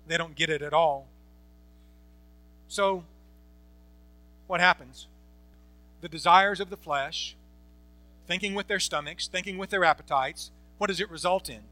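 Bright, high-voiced male preacher. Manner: emphatic, repeating phrases for rhetorical effect; asks the congregation rhetorical questions. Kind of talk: Bible-teaching sermon.

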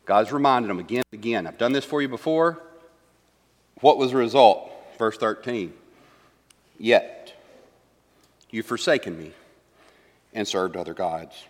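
A man's voice: lowish voice, animated, unhurried, long pauses. A man teaching a Bible study class. He reads verses aloud and puts questions to the group. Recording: long hall reverb.

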